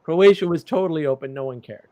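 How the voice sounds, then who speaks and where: A man with a high-pitched voice hosts a casual livestream chat. He tells stories in an animated way and throws in loud, disbelieving reactions. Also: quick pace, no room sound. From United States. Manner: animated, mimics others with incredulous outbursts. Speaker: livestream host.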